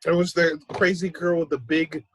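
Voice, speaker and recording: A man's voice: fairly high pitch, little pitch movement, normal speed, low-quality recording. A man co-hosting a podcast, chatting casually and laid-back, mostly giving short replies. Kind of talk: casual chat.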